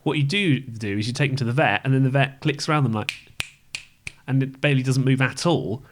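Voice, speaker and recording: A man's voice: medium pitch, fairly quick, a little hiss or hum. A man co-hosting a podcast in casual comedic chat, playful and teasing, humming mock-dramatic music. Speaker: podcast co-host.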